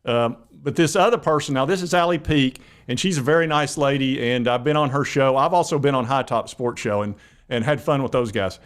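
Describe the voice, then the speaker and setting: A man's voice: medium pitch, fairly quick, clear, resonant tone. Rambling man talking college football. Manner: rambling, conversational, many fillers. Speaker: sports talk channel host. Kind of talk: casual sports commentary.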